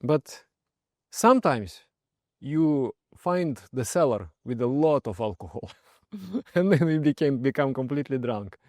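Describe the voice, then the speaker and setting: Male meditation teacher, gentle storyteller, medium pitch, dry recording. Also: expressive, measured pace, no echo. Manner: soft-spoken, often trails off quietly, laughs while telling stories. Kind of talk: personal story and spiritual advice.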